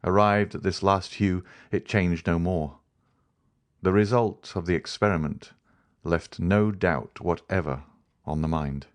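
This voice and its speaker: Deep-voiced male audiobook narrator. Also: steady tone, measured pace. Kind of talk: scripted narration.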